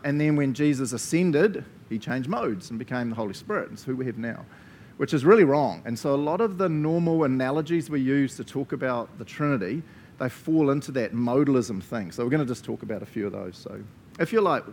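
A man's voice: medium pitch, a little mellow, a little hiss or hum. A man with a New Zealand accent preaching a casual sermon, joking and often laughing as he talks.

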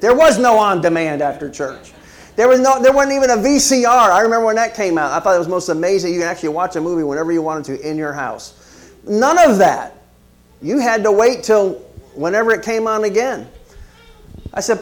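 A man's voice: a little high, brisk. A middle-aged man preaching a sermon, telling a story and turning to the congregation with questions and asides. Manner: animated, conversational preaching with frequent asides to the congregation. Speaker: pastor.

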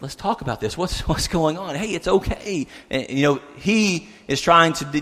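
A man's voice: a little high, a bit bright, in a large hall. A man in his thirties preaching a sermon, telling a story in an earnest way with many restarts. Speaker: pastor.

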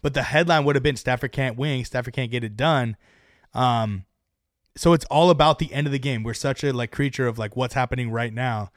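A man co-hosting a casual sports podcast, talking in quick excited bursts. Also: mid-range voice, dry recording, clean studio sound. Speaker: podcast co-host.

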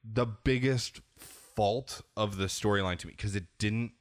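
A man's voice: on the low side, unhurried. A man hosting a podcast, candidly rambling through a casual game discussion and often restarting his sentences. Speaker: podcast host.

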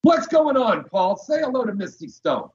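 A man's voice: high-pitched, sing-song, reverberant, muffled recording. Crude, joking male talk-show host. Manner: crude, joking, quick to laugh. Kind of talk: casual bawdy radio chat.

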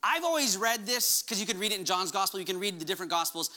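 A man's voice: high voice, animated, fast, sharp tone. A pastor preaching a sermon to his congregation, impassioned, raising his voice when he quotes commands. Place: church hall before a congregation.

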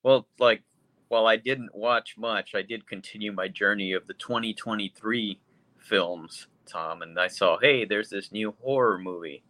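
A man's voice: fairly low pitch, measured pace, bright, forceful tone, dry recording. A man co-hosting a podcast, bluntly and profanely rambling through a casual movie review chat. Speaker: podcast co-host.

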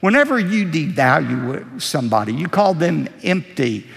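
Male pastor preaching a sermon, animated delivery with gravelly texture, long church reverb. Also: moderate pace. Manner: emphatic preaching, rising for stress and dropping low for asides.

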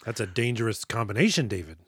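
A man's voice: on the low side, animated, quick pace, a bit bright, breathy edge, dry recording, clean studio sound. A man co-hosting a movie podcast, chatting casually and sarcastically, swearing and acting out lines from the film. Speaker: podcast co-host. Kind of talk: casual movie-review chat.

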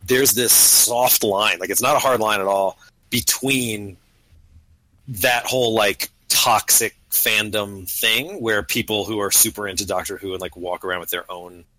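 A man's voice: fairly low pitch, steady tone, a little slow, sharp tone, no echo, rough recording. A man co-hosting a podcast in casual chat, with dry, wry remarks. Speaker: podcast co-host.

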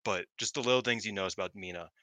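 A man chatting casually on a podcast, an animated storyteller who swears freely and says "like" a lot. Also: fairly low pitch, very fast, dry recording. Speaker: wrestling podcast panelist.

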